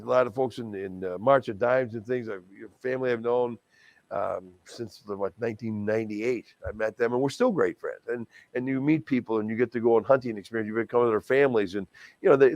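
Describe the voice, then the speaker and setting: In a casual interview, a Wisconsin TV anchor and charity auctioneer, now older, spins stories with folksy, lively self-deprecation. His medium-pitched voice is gravelly, and the recording is muffled but free of echo.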